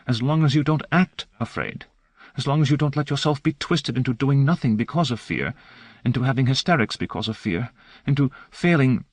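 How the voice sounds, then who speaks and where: A man's voice: fairly low pitch, animated, moderate pace, long pauses, slightly rough, no room sound, voice pushed up. A man voicing a fierce, frightened woman scientist who talks in an intense hissing whisper.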